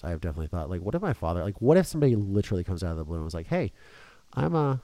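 A young man with a deep, warm voice hosts a casual podcast. He talks in an animated, emotional way, and his pitch rises and falls a lot. The recording is close and dry. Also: very fast, no room sound. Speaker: podcast host.

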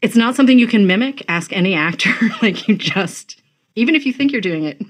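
A woman from Massachusetts hosting a podcast interview, chatty and enthusiastic with quick asides. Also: medium pitch, lively intonation. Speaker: podcast host. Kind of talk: casual interview chat.

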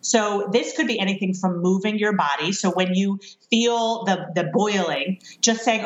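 A woman's voice: medium pitch, moderate pace, hardly any pauses. A woman in a conversation, earnestly explaining parenting strategies and laughing at her own mistakes. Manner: earnest, self-deprecating, laughs at herself. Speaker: parenting expert guest. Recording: roomy, dull lo-fi sound.

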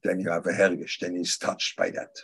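A man teaching a religious class, answering students' questions in a halting, thoughtful way and repeating key phrases for emphasis. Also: low-pitched, level tone, fairly bright tone, husky.

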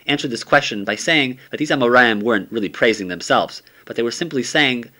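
A man's voice: medium pitch, brisk, pushed and bright. A man teaching a summary of a Talmud page, reading steadily and using many Hebrew and Aramaic terms.

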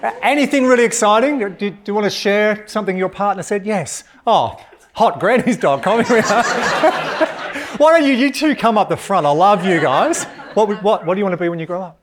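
Aussie guy on stage doing a keynote, jokey and upbeat, bit of a higher voice. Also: normal speed, a little hiss or hum. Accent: Australian. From Australia. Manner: jokey, energetic, talks with the audience. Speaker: keynote speaker. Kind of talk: live keynote talk. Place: large hall with audience.

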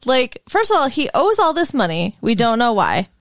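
A woman from Michigan co-hosting a podcast, chatting quickly and casually about a movie. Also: on the high side, very animated, no echo, clean studio sound. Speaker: podcast co-host.

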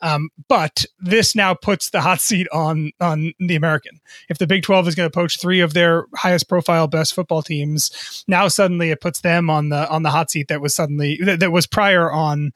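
A man co-hosting a podcast, explaining the news in a measured, casual way with some restarts. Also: a little high, fairly even intonation, a bit bright, no echo, studio quality. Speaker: podcast co-host, business journalist.

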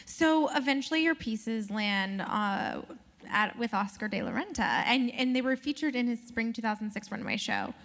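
A woman's voice: on the high side, big pitch swings, normal speed, fairly bright tone, in a large hall. A woman interviewing a guest on stage, asking short questions and giving encouraging replies.

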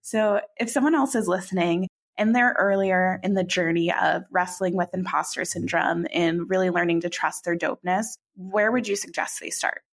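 Podcast host, woman, slightly low voice, encouraging and friendly. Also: fairly even intonation, normal speed. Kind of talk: podcast interview.

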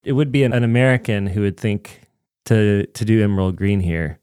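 A man co-hosting a casual film podcast, explaining his points with halting starts. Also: fairly low pitch, a little mellow, clean tone, no echo, clean studio sound. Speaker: podcast co-host.

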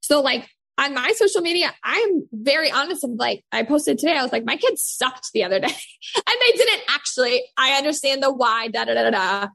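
Frank, slightly husky mom. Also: female voice, high-pitched, expressive, brisk, fairly bright tone. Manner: chatty, frank, many "like" fillers. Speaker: podcast co-host and mother. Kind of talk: casual podcast conversation.

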